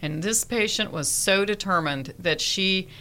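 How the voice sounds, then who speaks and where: A woman's voice: mid-range voice, a little slow, bright, forceful tone. A woman nurse and therapy dog handler telling heartfelt stories in a radio interview, earnest and vivid.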